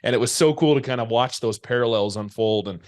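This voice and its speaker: A man's voice: medium pitch, fast talker, a little mellow. A man hosting a podcast, reacting to his guest in a casual, rambling, enthusiastic way. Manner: enthusiastic, rambling with repeated words. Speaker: podcast host. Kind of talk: casual interview chat.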